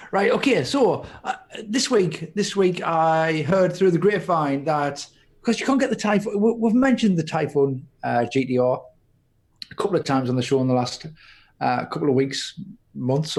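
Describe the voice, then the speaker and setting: A man co-hosting a podcast, chatting casually and rambling with many restarts. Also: fairly high pitch. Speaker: podcast co-host. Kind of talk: casual chat.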